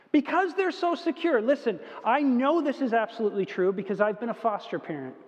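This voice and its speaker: Preaching in a conversational style, a high-voiced pastor occasionally mimics little kids whining. His tone is a little mellow. The recording sounds dull and lo-fi, and a large hall adds a long, echoing reverb.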